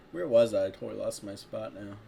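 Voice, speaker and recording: A man's voice: on the low side, lively intonation, moderate pace, creaky, dark tone, slight background noise. A man reading fan fiction aloud at home, breaking off to laugh, swear and mock the text. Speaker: fanfiction reader. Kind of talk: casual read-aloud with commentary.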